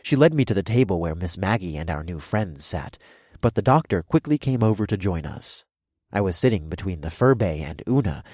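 A man narrating a first-person fantasy audiobook in an expressive, wry storytelling manner. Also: low voice, no echo, clean studio sound.

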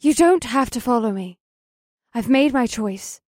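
A woman's voice: on the high side, animated, measured pace, a little mellow, dry recording, studio quality. A woman voicing proud, defiant siren sea women who speak firmly. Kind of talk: audiobook character voice.

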